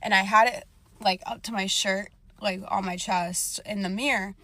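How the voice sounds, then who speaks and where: A woman's voice: mid-range voice, steady tone, moderate pace, pushed and bright, no echo. A young woman telling a casual storytime about a bad date, chatty, full of "like" and swearing freely.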